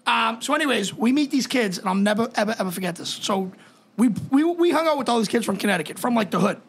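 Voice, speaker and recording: A young man, a podcast co-host telling a profane, animated story in casual chat. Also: extremely high pitch, fast talker, gravelly, slightly rough. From Boston area. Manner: animated, profane, acts out voices in stories.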